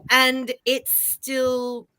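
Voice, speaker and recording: Bright, dry-sounding woman, faint New York. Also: high voice, completely flat delivery, very slow, clear, resonant tone, dry recording. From New York, United States. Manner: curious, asks the group questions. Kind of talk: casual chat.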